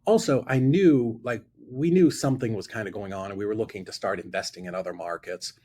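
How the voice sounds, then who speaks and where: Man, low husky voice, animated storyteller, acts out dialogue. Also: brisk. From Florida. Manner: lively storyteller who acts out both sides of dialogue. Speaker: guest investor telling a story. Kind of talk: animated anecdote on a talk show.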